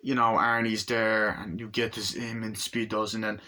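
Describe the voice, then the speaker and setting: Excitable, bright-voiced man reviewing a movie. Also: lowish voice, normal speed. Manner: excited, profane, rambling, acts out scenes.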